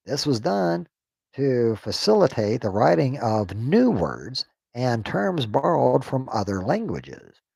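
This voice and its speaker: A man reading a text aloud on a stream, sounding out unfamiliar words haltingly and joking to himself. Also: mid-range voice, creaky, darkish tone, husky, dry recording. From United States. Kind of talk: casual reading aloud on a livestream.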